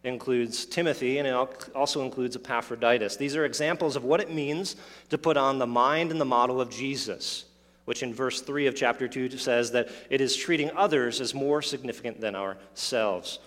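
A man's voice: mid-range voice, moderate pace, a bit bright. A man preaching a sermon, explaining a scripture passage, asking rhetorical questions and adding asides. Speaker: pastor. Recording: long hall reverb.

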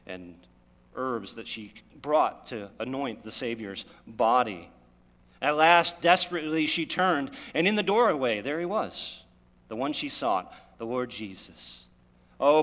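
A man's voice: mid-range voice, pushed and bright. A man preaching a sermon, retelling scripture with dramatic storytelling and rising emphasis. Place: church. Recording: long hall reverb.

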